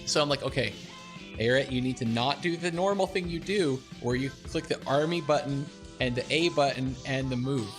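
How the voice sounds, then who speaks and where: A young man streaming, casually talking through a replay of his own game, animated and self-deprecating, laughing often. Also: mid-range voice, moderate pace, faint music behind.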